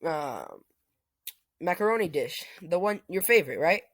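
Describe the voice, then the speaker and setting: A casual storyteller voicing an excited, welcoming young woman who gushes and fusses. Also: mid-range voice, normal speed, dry recording, clean studio sound. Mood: gushing.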